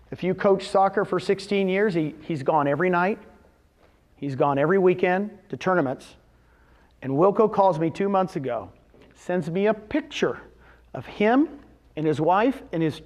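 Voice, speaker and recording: A man speaking live to a room of real estate agents, animated and quizzing his audience with questions, often acting out what others told him. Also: sits high. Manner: retells conversations in quoted voices. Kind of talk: live seminar talk.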